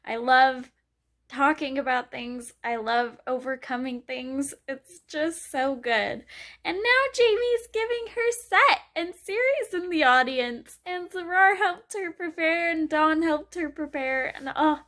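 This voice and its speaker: A woman's voice: high voice, animated, slow, a bit bright. A young woman vlogging casually about a book she is reading, gushing and emotional, laughing often.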